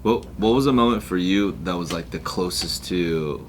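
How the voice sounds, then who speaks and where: Deep-voiced man teasing with a question. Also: normal speed, slight background noise. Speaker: podcast co-host asking questions. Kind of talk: casual chat.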